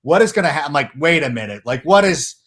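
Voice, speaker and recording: Animated man hosting a podcast. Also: fairly high pitch, fast. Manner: animated storyteller, acts out quotes in raised voices. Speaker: podcast host. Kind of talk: casual chat.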